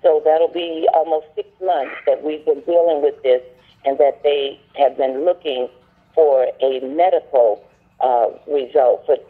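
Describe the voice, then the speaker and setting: A woman on a conference call, telling at length how her health came back, in a talkative, animated way with many fillers. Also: low-pitched, slightly rough. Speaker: caller sharing a testimony. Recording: phone line.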